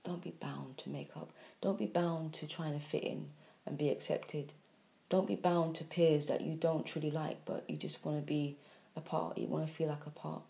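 A woman with a lowish, mellow voice giving a spiritual monologue. She preaches in repeated phrases, dropping to near-whispers and then pushing out loud emphatic lines. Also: flat delivery, normal speed, vocal fry. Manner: repetitive, preachy, with sighs and emphatic swings in loudness. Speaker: spiritual speaker.

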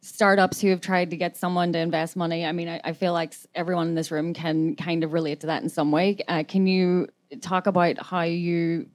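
A woman's voice: lowish voice, level tone, fairly quick, hardly any pauses. A woman interviewing a guest onstage, asking questions in a friendly, lightly teasing way. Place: event room with a live audience.

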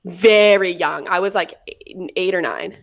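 A young woman in her twenties with a slightly low voice rambles through a story on a podcast. She talks casually, piling on fillers and restarts. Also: a little slow, gravelly. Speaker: podcast co-host. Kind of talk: casual chat.

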